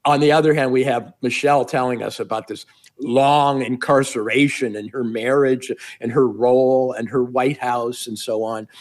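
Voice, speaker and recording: A middle-aged man giving political commentary as a guest, wry and meandering, piling up repeated phrases. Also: mid-range voice.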